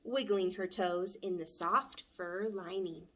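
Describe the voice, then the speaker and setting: Give me a woman librarian reading a picture book slowly for story time. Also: fairly low pitch, fairly bright tone. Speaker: children's librarian. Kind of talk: story time read-aloud.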